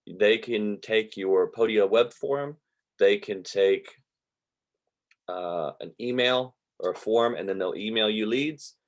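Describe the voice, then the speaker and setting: A man, teaching an online real estate class in a relaxed, rambling way over a video call. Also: fairly low pitch, slow. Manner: relaxed, rambling, drawls with y'all. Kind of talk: casual online class lecture. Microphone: computer mic on a video call.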